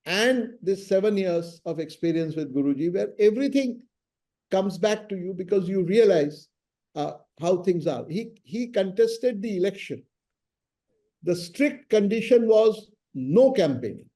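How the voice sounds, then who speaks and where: A man's voice: high-pitched, a little slow. A middle-aged man with an Indian English accent, a senior lawyer telling anecdotes about his mentor in an interview and acting out the dialogue. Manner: lively raconteur acting out quoted dialogue.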